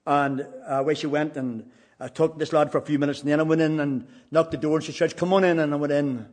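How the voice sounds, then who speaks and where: A man's voice: a little high, steady tone, quick pace, a little mellow. A man, an evangelist, telling a personal story in a plain, earnest way, with frequent restarts.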